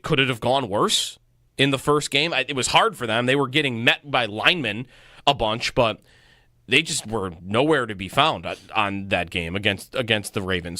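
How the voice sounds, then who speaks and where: A man co-hosts a sports talk radio show and thinks out loud, restarting his sentences as he goes. His pitch moves in a lively way and his tone is bright. The sound is dry and close to the mic. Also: no echo. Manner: thinks aloud with restarts and fillers.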